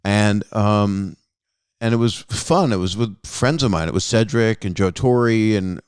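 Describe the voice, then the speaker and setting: A man with a lowish, smooth and resonant voice, hosting a relaxed podcast chat. He rambles through anecdotes and pokes fun at himself as he goes. The sound is close and dry, with no room around it. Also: measured pace, no echo. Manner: rambling, self-deprecating storytelling. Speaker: podcast host. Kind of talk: casual conversation.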